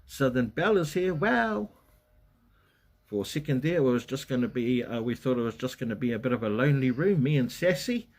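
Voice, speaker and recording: A man's voice: mid-range voice, lively intonation, a little fast. A man hosting a casual livestream, chatting in a rambling way and greeting viewers by name. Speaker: livestream host. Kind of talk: casual live chat. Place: at home in Western Australia.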